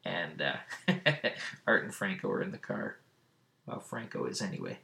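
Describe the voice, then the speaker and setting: A man casually recapping a comic book on a podcast, often laughing and jumping into high put-on voices for the characters. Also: animated, unhurried, vocal fry, bright, forceful tone. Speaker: podcast host.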